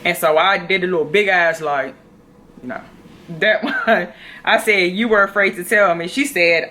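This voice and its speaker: A woman, telling a personal story to her phone camera in an animated, chatty way. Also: fairly low pitch. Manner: chatty, animated, addresses viewers as y'all. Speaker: vlogger.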